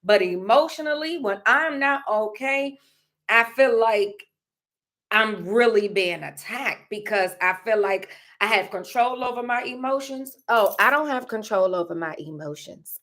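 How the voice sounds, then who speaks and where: A woman's voice: on the high side, measured pace, fairly bright tone. A woman vlogger talking openly and casually, rambling with many fillers and laughing now and then. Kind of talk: casual heartfelt vlog talk.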